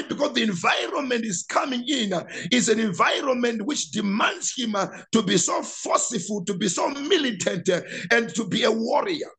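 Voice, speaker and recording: A man with a rather high voice preaches a sermon as pastor. He delivers it with passion, stumbling and repeating words as he builds, and breaks into shouts at the height of his points. Church preaching style. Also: vocal fry.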